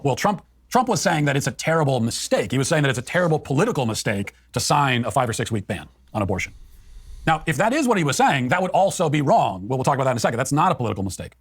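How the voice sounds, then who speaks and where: A man's voice: medium pitch, big pitch swings, quick pace, breathy edge, no echo. A man giving political commentary as a co-host, in an emphatic, argumentative way.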